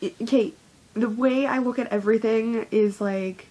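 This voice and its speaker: A woman's voice: a little high, steady tone, normal speed, mellow. A young woman giving a rambling, heavily profane, self-deprecating confessional vlog monologue as a YouTuber.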